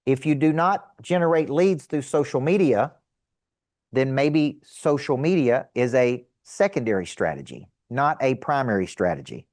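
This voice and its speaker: A middle-aged man teaching a seminar to a live audience as a sales coach, energetic and emphatic, asking rhetorical questions. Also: medium pitch, moderate pace, dry recording, studio quality.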